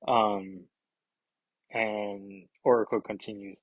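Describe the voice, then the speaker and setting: A man talks through a comic book issue in a loose, rambling way, full of ums and restarts. His voice is slightly husky and sits at an ordinary pitch. The sound is dry and close to the mic. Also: no echo, rough recording. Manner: rambling, filler-heavy, reads dialogue in quick put-on voices. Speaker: comic book podcast host. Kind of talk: casual comic read-through with commentary.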